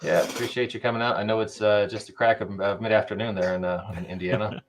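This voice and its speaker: A man's voice: on the low side, little pitch movement, quick pace. A man hosting a podcast, introducing guests in a jokey, casual way full of fillers. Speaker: podcast host.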